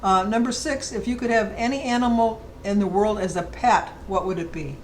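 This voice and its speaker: A woman's voice: medium pitch, moderate pace, darkish tone, slight background noise, poor audio. A middle-aged woman vlogger chatting casually and rambling fondly through a list of questions. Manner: chatty, rambling, fond storytelling. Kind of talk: casual chat.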